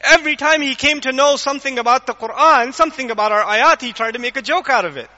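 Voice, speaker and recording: Guy lecturing on the quran, super animated, acts stuff out, asks the crowd questions, dull lo-fi sound. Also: very high-pitched, quick pace, big-room sound. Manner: animated, acts out scenes and quizzes the audience. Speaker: Islamic lecturer. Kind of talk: lively Quran lecture to a live audience.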